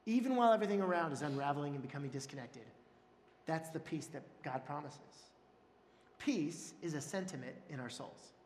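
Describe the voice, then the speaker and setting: Animated male preacher in an echoey hall. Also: a little fast, a little hiss or hum. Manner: animated storytelling with bursts of loud, high exclamation. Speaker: pastor. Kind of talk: sermon. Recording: echoey hall with long reverb.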